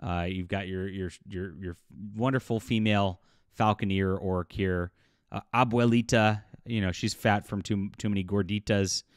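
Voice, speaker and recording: A man talks straight to his audience in a loose, mocking commentary, scoffing and chuckling as he goes. His voice sits on the low side, and the sound is dry and close with no room around it. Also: fairly even intonation, moderate pace, clean tone, no echo. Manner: scornful, mocking, laughs often, many fillers. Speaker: YouTube commentator. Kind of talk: casual commentary vlog.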